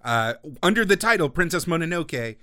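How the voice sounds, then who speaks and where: A man's voice: a little high, very animated, normal speed, bright, forceful tone, smooth, dry recording, clean studio sound. A man co-hosting a film podcast, explaining in a loose, filler-heavy way. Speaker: podcast co-host. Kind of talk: casual film discussion.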